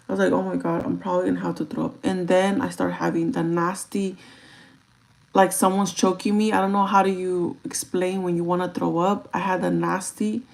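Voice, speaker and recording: A young adult woman livestreaming her makeup routine, telling a story in a chatty, profane, animated way. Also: lowish voice, vocal fry, poor audio. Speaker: livestreaming beauty vlogger. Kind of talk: casual storytelling while doing makeup.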